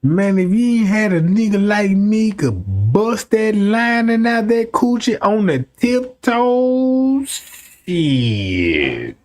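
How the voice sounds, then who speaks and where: Guy on a livestream rambling a story to chat, cussing, slow drawn-out talk, mutters then yells. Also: very animated. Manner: profane, rambling, swings from low mutters to shouting. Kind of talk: casual storytelling to a live chat.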